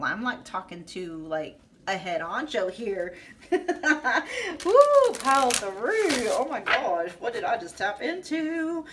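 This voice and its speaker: A woman reads tarot cards for her viewers, gushing and emphatic. Her voice sits at an ordinary pitch, and a faint hiss runs under the recording. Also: a bit bright. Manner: effusive, emphatic, with frequent fillers and laughter. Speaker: tarot reader. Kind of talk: pick-a-card tarot reading.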